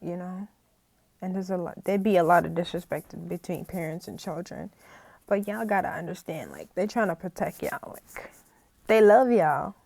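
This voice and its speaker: Young woman vlogging, gravelly and close. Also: lowish voice, moderate pace, a little mellow, no room sound. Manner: heartfelt, rambling, repeats "you know". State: tearful, crying. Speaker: channel host. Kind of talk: casual talk to camera.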